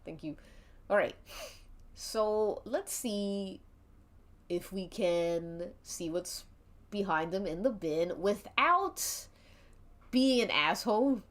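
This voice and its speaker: A woman's voice: medium pitch, slow pace, long pauses, a bit bright. A young adult woman streaming and narrating an interactive mystery game, giggling often and swearing casually.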